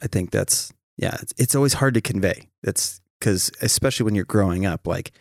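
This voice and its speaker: A man's voice: lowish voice, brisk, gravelly, no room sound, studio quality. A man hosting a podcast, talking casually and animatedly, with frequent swearing. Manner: profane, animated storytelling. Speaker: podcast host. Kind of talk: casual chat.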